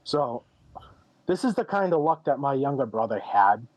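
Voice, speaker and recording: A man's voice: mid-range voice, big pitch swings, moderate pace, no room sound, rough recording. A man in his thirties, a podcast guest, candidly telling a personal story with many ums and retold dialogue. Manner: candid, rambling, retells dialogue with "I'm like" and frequent ums.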